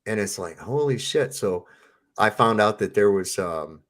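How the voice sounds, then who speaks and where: A man's voice: fairly low pitch, lively intonation, unhurried, a bit bright. A man telling a long, rambling story in a casual panel chat, swearing freely.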